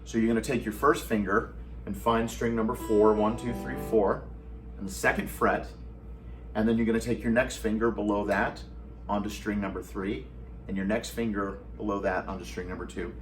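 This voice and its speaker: Low-voiced man teaching guitar, distant mic. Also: fairly even intonation, moderate pace. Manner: patient, step-by-step, counts beats aloud. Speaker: guitar instructor. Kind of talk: recorded guitar lesson. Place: at home.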